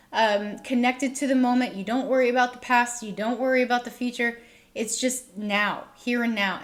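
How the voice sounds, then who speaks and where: A woman with a fairly high voice talks her viewers through a tarot reading. She sounds reassuring, keeps checking in with them, and sometimes voices their worried thoughts aloud. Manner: reassuring, repeats "okay?" often, acts out listeners' worried thoughts. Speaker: tarot reader.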